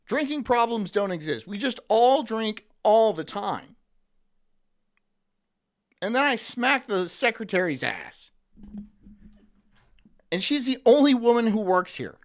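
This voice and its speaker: A man's voice: high voice, sing-song, slow, long pauses. A man ranting sarcastically on a live stream, swearing often and slipping into mocking voices.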